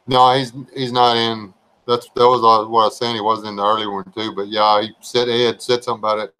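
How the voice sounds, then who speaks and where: A man's voice: lowish voice, level tone, fairly quick, bright, forceful tone, clean tone, low-quality recording. Easygoing man chatting on stream. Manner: rambling, easygoing, folksy. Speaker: livestream regular. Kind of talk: casual livestream chat.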